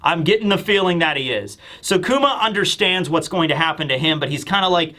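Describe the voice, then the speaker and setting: Excitable, high-voiced man reviewing manga. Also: brisk, few pauses. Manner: excitable, bursts into shouting. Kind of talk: casual commentary.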